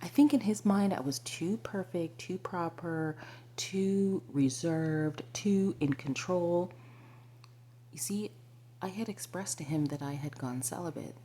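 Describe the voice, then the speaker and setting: Woman vlogger, low mellow voice, confiding story, half-whispered, faint hum behind. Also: unhurried. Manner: confiding, often drops to a breathy whisper; frequent fillers and asides to the listener. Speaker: spiritual vlogger. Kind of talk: personal storytelling to camera.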